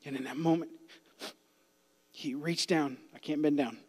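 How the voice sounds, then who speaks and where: Guy preaching, kinda high voice, goes from whispery hush to loud cries, long church reverb. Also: fairly even intonation, measured pace, breathy edge. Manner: impassioned, swinging from hushed whispers to loud cries. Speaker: youth pastor. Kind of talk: sermon. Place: church sanctuary.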